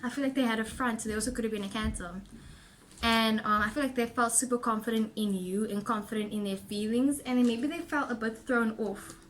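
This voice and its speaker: A woman's voice: fairly high pitch, fairly quick, slight background noise. A young woman giving a casual tarot reading, chatty and rambling with lots of fillers, a little out of breath. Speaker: tarot reader and vlogger.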